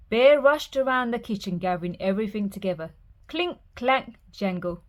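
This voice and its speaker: A woman reading a picture book aloud for children's storytime, gentle and expressive. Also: medium pitch, normal speed.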